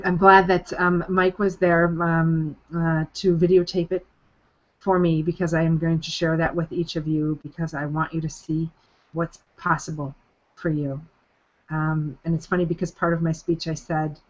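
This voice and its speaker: A woman hosts a motivational group call, sounding sincere and emphatic. She repeats key phrases to drive them home, her voice sitting a little low. The audio is muffled and lo-fi, like a conference line. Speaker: coaching program leader hosting a group call.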